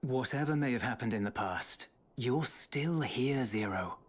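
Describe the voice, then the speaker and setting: An earnest young man, lively-toned. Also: mid-range voice, a little slow. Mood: reassuring. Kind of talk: video game cutscene.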